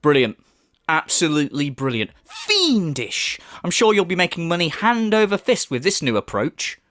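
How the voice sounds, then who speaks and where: A man's voice: a little high, wildly swooping pitch, moderate pace, a bit bright, no room sound. A man hosting a reaction commentary, mocking and swearing with heavy sarcasm. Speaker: commentary channel host.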